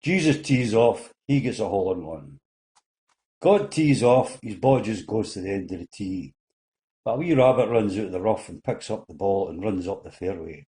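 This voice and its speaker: A man's voice: lowish voice, lively intonation, normal speed, warm tone. An older man with a Scottish accent telling a string of folksy jokes while seated, slipping into little voices for the characters.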